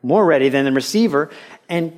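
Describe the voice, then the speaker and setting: A man preaching a radio sermon, earnest and conversational, dropping low and soft, then rising into lively storytelling. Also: unhurried. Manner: earnest and conversational, with repeated restarts; swings between a quiet, intimate tone and lively, raised storytelling. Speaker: pastor.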